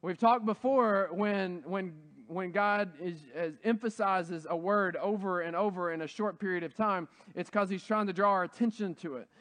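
A pastor with a high-pitched voice delivers a sermon in a relaxed, chatty way, stumbling through restarts and fillers. When he retells a story he gets loud and excited. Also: normal speed, hardly any pauses. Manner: casual, conversational preaching with many fillers.

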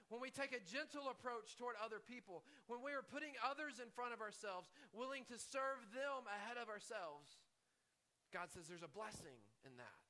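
A man's voice: sits high, bright, forceful tone. A male pastor preaching a sermon in a conversational way, telling stories and asking the congregation questions.

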